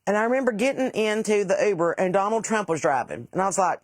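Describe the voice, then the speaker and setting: A woman's voice: medium pitch, expressive, quick pace, no room sound. A woman, chatting casually with livestream viewers, rambling and salty as she tells stories. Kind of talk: casual livestream chat reading comments.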